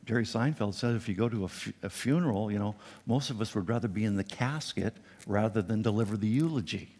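A male pastor preaching a sermon, animated and acting out the quotes with a raised voice. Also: brisk, husky. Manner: animated, acts out quotes with raised pitch and volume. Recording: long reverb in a large hall.

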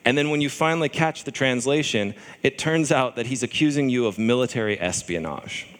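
A man's voice: medium pitch, brisk, a bit bright, big-room sound. A man preaching a sermon in a conversational way, often acting out the voices of people in scripture.

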